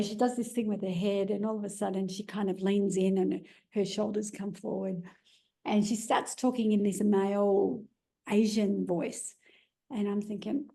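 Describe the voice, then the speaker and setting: A woman's voice: mid-range voice, gravelly, mellow. An Australian woman earnestly recounting a personal experience, with frequent "you know" fillers. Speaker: guest telling her story. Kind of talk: personal storytelling.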